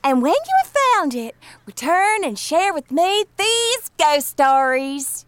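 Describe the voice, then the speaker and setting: A woman doing a high, bubbly sorority girl. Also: sing-song, takes it slowly, dry recording, full character voice. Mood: dramatic.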